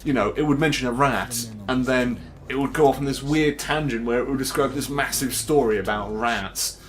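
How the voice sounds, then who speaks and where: A man's voice: medium pitch, normal speed, fairly bright tone. Male gameplay commentator, casual and enthusiastic, headset mic at home. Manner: chatty, enthusiastic, laughs often.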